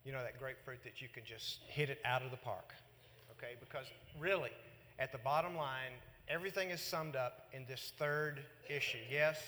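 A man preaching a sermon in an animated way, acting out the words of God and Jonah. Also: mid-range voice, long reverb tail. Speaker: pastor.

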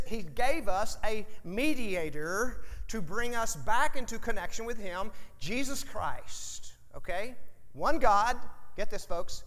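A man's voice: high-pitched, a bit bright. A man preaching a sermon as pastor, folksy and emphatic, with jokes for the congregation. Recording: reverberant hall.

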